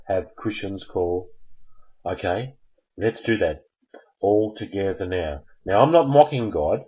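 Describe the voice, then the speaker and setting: Husky, slow-talking Australian man hosting. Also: low voice, dull audio. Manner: joking, rambling, laughs at his own jokes. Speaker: host. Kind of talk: live call-in show chat.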